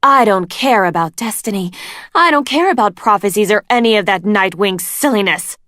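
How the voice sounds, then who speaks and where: A woman's voice: mid-range voice, lively intonation, normal speed, a bit bright, no echo, clean studio sound, natural voice. A woman voicing a cruel, teasing female dragon queen from a storybook, mocking and drawn out. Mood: gloating. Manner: mocking, sing-song and drawn out.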